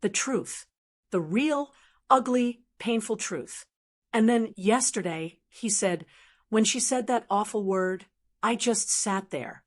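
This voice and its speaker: An older woman narrating a family story in a calm, measured voice. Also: mid-range voice.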